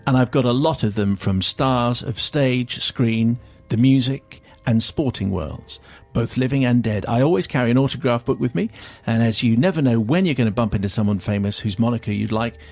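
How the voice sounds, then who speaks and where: Man, radio host, reading a listener letter, dry theatrical delivery, mid-pitched voice, faint music underneath. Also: a little mellow. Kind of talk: comic reading of a listener confession.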